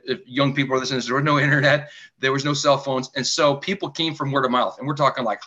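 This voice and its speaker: A man talking as a podcast guest, telling a personal story and acting out the dialogue. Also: mid-range voice. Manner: animated, acts out quoted dialogue. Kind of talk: storytelling in conversation. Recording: dull lo-fi sound.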